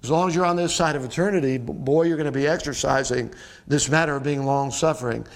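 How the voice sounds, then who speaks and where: A man's voice: medium pitch, fast. A middle-aged man preaching a sermon as pastor, talking straight to his congregation in a folksy way with rhetorical questions.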